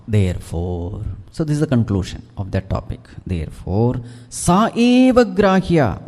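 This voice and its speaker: A man's voice: lowish voice, dark tone. A man giving a devotional discourse as a swami, posing questions and answering them himself and reciting Sanskrit verses. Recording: long hall reverb.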